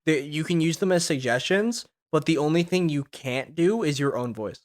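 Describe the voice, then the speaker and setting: A man chatting casually as a player, animated, restarting sentences and swearing. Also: a little high, normal speed. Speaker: podcast co-host and player. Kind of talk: casual chat.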